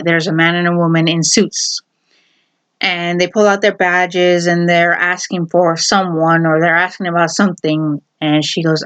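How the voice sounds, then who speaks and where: A woman casually retelling a half-remembered TV episode, rambling with many fillers and quick acted quotes. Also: on the low side, fairly bright tone, muffled recording. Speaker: video host.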